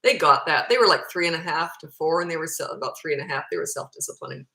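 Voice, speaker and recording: Woman, 50s, parenting coach doing casual Q&A; bright, forceful voice, blunt delivery, roomy echo. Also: low-pitched, lively intonation, fast talker. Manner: blunt, matter-of-fact, answers questions read aloud. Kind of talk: casual Q&A advice.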